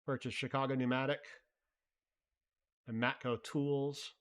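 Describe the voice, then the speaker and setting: A man's voice: mid-range voice, flat delivery, unhurried, fairly bright tone. A man hosting a live stream, chatting loosely and thinking aloud while answering viewer messages, with casual swearing. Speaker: livestream host.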